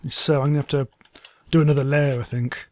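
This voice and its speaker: A man's voice: medium pitch, little pitch movement, a little fast, a little mellow. A young man co-hosting a gaming video, chatting casually while he builds, jokey and rambling. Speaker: gaming channel co-host. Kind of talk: casual gameplay chat.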